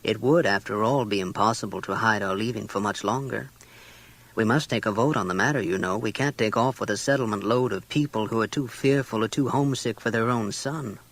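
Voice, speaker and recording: A man voicing a scheming settlement leader who talks calmly and slyly. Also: on the low side, brisk, pitched below the performer's own voice. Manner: calm, sly. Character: scheming, grimly amused male settlement leader.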